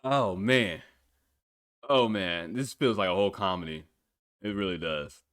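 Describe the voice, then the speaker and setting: A man's voice: sits low, a little slow, fairly bright tone, no room sound, clean studio sound. A man hosting a podcast, reacting to a music video in casual, blunt, profane talk, often breaking into incredulous laughter. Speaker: podcast host.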